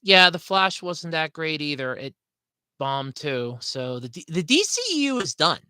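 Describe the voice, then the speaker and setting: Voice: medium pitch, expressive, unhurried, sharp tone, clean tone, dry recording. Rambling, scatterbrained podcast host, dry sound. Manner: apologetic, frustrated rant. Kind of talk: casual livestream chat.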